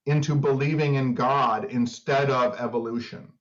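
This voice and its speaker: A man's voice: medium pitch, fairly even intonation, moderate pace, dull audio. A man co-hosting a podcast in casual, joking chat, laughing easily. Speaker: podcast co-host.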